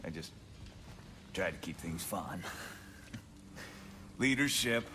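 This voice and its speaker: A man's voice: sits low, animated, slow pace, sharp tone, big-room sound, a little hiss or hum, heavily acted. An actor playing an easygoing, fun-loving male leader with a laid-back, joking manner, in a video game cutscene. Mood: reflective.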